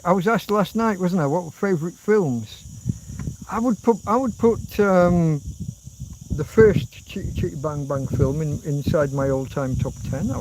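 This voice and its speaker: In a rough recording, a livestream host, an Englishman in his fifties, wanders through one memory after another in loose chat. He swears offhandedly and hums old tunes, his slightly high voice carrying a darkish tone over a faint hiss.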